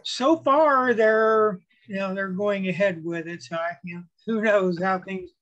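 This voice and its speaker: A man's voice: high voice, a little slow, fairly bright tone, highs cut off. A middle-aged man chatting casually on a video call before he presents to his club. He tells stories in a rambling way, with many restarts.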